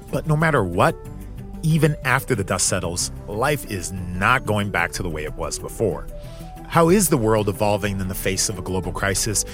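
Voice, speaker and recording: A man hosting a podcast, giving measured, earnest scripted narration. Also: fairly low pitch, fairly bright tone. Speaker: podcast host.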